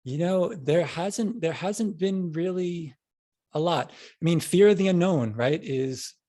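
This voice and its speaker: A middle-aged podcast guest with a New York accent rambles through a casual interview, telling stories, restarting often, and circling back. He's loose and chatty. His voice is high and mellow, and he takes it slowly.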